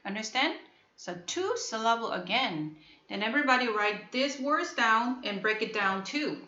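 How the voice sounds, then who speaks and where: A woman teaching a phonics lesson online, talking slowly and patiently and repeating her questions to prompt the students. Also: on the high side, animated, pushed and bright, echoey room, dull audio. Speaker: English teacher.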